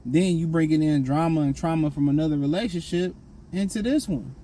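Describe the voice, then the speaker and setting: A man's voice: on the high side, brisk, warm tone, low-quality recording. A man giving blunt, slangy dating and self-improvement advice in a casual, repetitive monologue.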